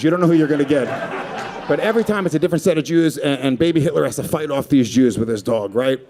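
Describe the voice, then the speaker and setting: A man doing a stand-up comedy set, brash and profane with a deadpan edge. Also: a little high. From Puerto Rico. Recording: live club set with a laughing crowd. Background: audience laughter.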